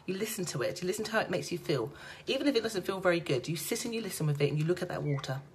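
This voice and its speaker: A woman's voice: fairly low pitch, animated, very fast, a little hiss or hum. A woman, a psychic card reader, chatting on a casual live stream from home, laughing often and talking straight to her viewers.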